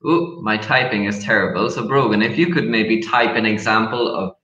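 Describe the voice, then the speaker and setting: A man from Ireland, teaching an online English lesson slowly, with many pauses and fillers. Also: on the low side, bright, forceful tone, a little hiss or hum. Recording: echoey room, dull lo-fi sound.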